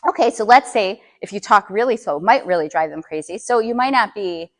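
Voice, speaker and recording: A woman's voice: medium pitch, lively intonation, brisk. A middle-aged woman coaching parents in a live workshop, checking in with the audience with frequent questions.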